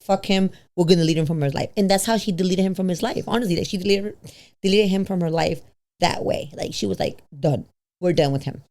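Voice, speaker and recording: A woman in her thirties, a podcast guest telling a personal story casually, acting out quoted voices with big pitch jumps and slipping into Spanish now and then. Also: quick pace, dark tone. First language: bilingual, switches into Spanish. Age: 30s.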